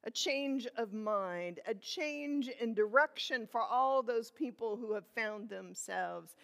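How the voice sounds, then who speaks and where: Woman pastor, sermon, slow unhurried delivery, reflective questions, reverberant church. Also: fairly high pitch, gravelly, fairly bright tone.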